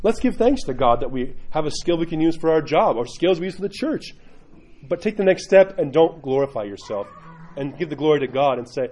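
A man's voice: fairly high pitch, expressive, fairly quick, darkish tone. A man speaking as a priest, giving an informal sermon in a blunt, joking, emphatic way.

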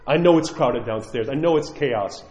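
A man, a priest, preaching a sermon to his congregation, earnest and pleading, swinging between loud emphasis and soft asides. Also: medium pitch, moderate pace, a little hiss or hum. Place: church. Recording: echoey church hall, dull sound.

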